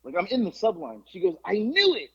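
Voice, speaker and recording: Husky animated man telling a story. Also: fairly quick. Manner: animated, swears, quotes people in lowered voices. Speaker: podcast co-host. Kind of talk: casual storytelling chat. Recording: muffled lo-fi podcast audio.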